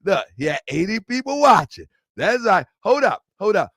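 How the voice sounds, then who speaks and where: A man's voice: high-pitched, big pitch swings, moderate pace, fairly bright tone, dry recording, studio quality. A man hosting his online show, talking in a rambling, repetitive way with lots of slang. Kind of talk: casual livestream talk.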